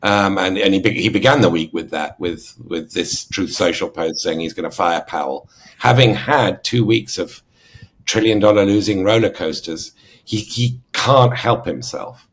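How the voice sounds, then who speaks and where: Brief: male panelist, English accent, very low husky voice, measured. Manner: measured, analytical, hesitant fillers. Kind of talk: podcast discussion.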